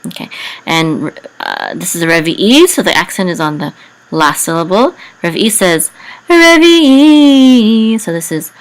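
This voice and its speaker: A woman teaching biblical Hebrew reading, carefully spelling out letters and vowel sounds with frequent pauses. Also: sits low, expressive, fairly bright tone, rough recording. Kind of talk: slow explanatory lesson.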